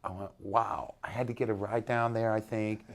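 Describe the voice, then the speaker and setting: A man telling a long story in an interview, animated, often acting out the people he quotes. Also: fairly low pitch, moderate pace. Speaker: interviewed musician.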